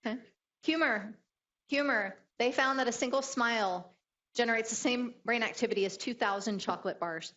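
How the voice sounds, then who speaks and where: On a lo-fi recording, a woman with a high-side voice gives a motivational leadership keynote a little fast. She tells stories animatedly, acting out the people she quotes.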